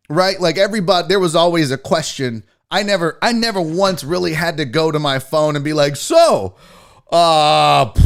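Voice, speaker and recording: Animated, foul-mouthed male storyteller. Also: high voice. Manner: animated, profane, acts out quotes. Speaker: podcast host. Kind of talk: casual storytelling.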